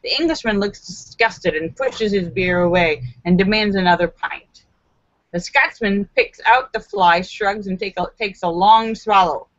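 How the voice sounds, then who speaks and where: A woman hosting a live stream, reading out viewer jokes and laughing along, popping into high character voices. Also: a little slow, dry recording, muffled recording. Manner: giggly, doing bright character voices in jokes. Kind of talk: live-stream joke telling.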